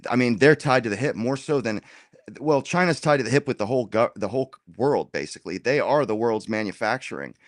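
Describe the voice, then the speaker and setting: A man in a casual political roundtable debate, talking in an animated, argumentative way and dropping slang as he makes his point. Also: medium pitch, fairly quick, no room sound, studio quality. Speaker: roundtable guest.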